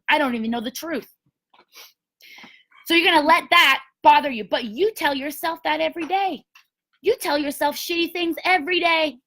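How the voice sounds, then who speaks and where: A woman's voice: high voice, fairly bright tone. A woman giving an emphatic, blunt motivational talk to a sales team, with some mild swearing. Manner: emphatic, blunt, mildly profane pep talk.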